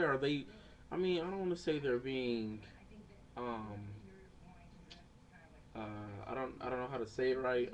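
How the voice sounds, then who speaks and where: A man's voice: medium pitch, muffled recording. A man in a casual video rant, rambling with many fillers and restarts and swearing freely. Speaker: vlogger.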